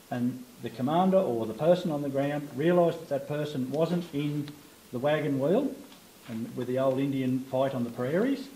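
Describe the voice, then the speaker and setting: A man's voice: a little high, dark tone, a little hiss or hum. A man, a local resident, speaking emphatically and with frustration at a community meeting. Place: community hall. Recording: echoey hall.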